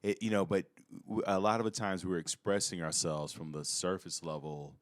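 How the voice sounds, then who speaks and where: Male podcast guest, very low voice, animated, acts out quotes, dry close sound. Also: normal speed, no echo. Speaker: podcast guest, comedian and life coach. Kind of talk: casual podcast chat.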